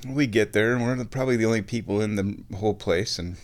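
A man in his thirties from Omaha, telling a rambling, animated story in a casual monologue, chuckling now and then and bringing quoted people to life. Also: lowish voice, fast. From Omaha, Nebraska.

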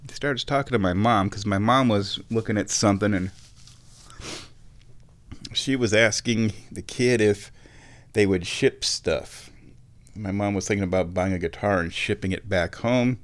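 A man in his thirties from Omaha, telling a rambling, animated story in a casual monologue, chuckling now and then and bringing quoted people to life. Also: on the low side, unhurried, pauses often. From Omaha, Nebraska.

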